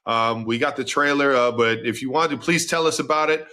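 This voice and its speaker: A man's voice: mid-range voice, pushed and bright. Co-host, man, casual, short affirmations and a read plug. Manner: quick affirming interjections, reads a plug. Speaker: podcast co-host. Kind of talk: casual chat.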